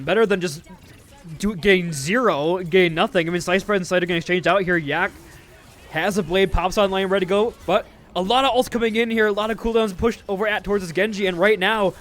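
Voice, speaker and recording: Man, esports caster, live commentary, chatty, joking, slightly high voice. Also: a bit bright.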